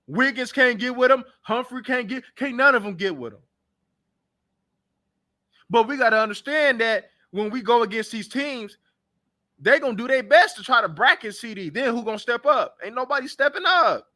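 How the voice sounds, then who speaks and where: Heated and animated, this young man trash-talks football players on the talk show he hosts, his voice high, very bright and forceful. He keeps a moderate pace, blunt and loose in a casual sports-reaction manner.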